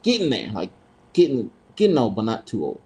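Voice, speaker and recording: Man, podcast host, casual storytelling, swears a lot, laughs through stories, mid pitch. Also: wildly swooping pitch, brisk, a little mellow, slightly rough, rough recording. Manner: profane, laughing, swearing freely; acts out quoted people in raised voices.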